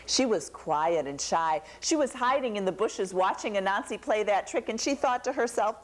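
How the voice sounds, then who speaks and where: A woman telling a folktale to a young audience, animated and asking them questions. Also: medium pitch, moderate pace, hardly any pauses. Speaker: storyteller.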